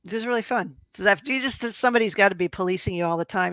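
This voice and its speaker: A woman co-hosting a casual chat, talkative and quick to agree. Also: medium pitch, fairly bright tone, no room sound. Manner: chatty, quick agreeing "yeah"s. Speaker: co-host.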